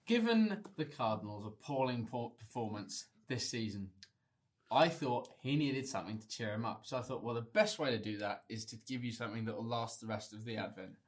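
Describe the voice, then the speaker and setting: A man's voice: medium pitch, animated, fairly quick. A man co-hosting a podcast in a studio, chatting in a playful, storytelling way. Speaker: podcast co-host. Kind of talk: casual chat.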